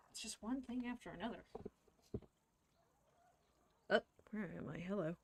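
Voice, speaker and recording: A woman streamer with a medium-pitched voice chats unhurriedly during live gameplay against a noisy background. She laughs often, swears freely, and mutters to herself.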